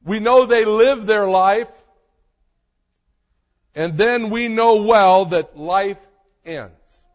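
A male pastor delivers his sermon in a high voice, slowly and emphatically, leaning on dramatic pauses. His words ring out with a long reverb, as if spoken in a large church sanctuary.

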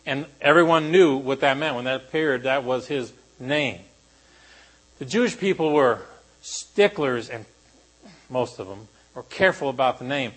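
A man delivers a sermon to his congregation in a mid-range voice. He moves between lively, raised emphasis and soft, solemn near-murmurs, and asks the room to respond. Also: medium pitch, unhurried, poor audio. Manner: animated preaching, dropping to quiet emphasis. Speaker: pastor.

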